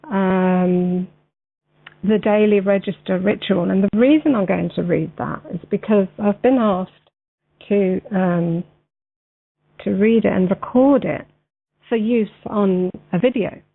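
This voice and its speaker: A woman standing in as radio show host, chatting with many ums and then reading a text slowly and deliberately. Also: medium pitch, creaky. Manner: many ums and uhs, friendly, says "mate" and "wee". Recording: tinny phone-line sound.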